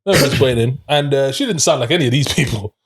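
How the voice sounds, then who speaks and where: A man's voice: mid-range voice, quick pace. A young man co-hosting a film review show in casual chat, playful and laughing often.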